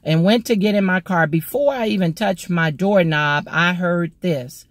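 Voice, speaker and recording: A woman from Mississippi, a motivational speaker and ordained minister, telling a personal testimony in a slow, deliberate way. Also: fairly low pitch, no echo, clean studio sound.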